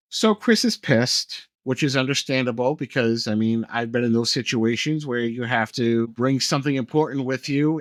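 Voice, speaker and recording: A man talking at an ordinary pitch, recapping a horror movie for a podcast in a loose, chatty way. He swears freely and gets animated when something excites him. The sound is dry and close, with no room around him. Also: no echo. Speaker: podcast co-host. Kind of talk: casual movie recap chat.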